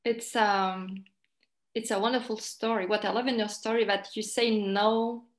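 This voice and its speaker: A woman's voice: mid-range voice, fairly even intonation, measured pace. A woman hosting an interview, affirming and summing up her guest's points. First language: Lithuanian. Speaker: interview host. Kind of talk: interview conversation. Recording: echoey room.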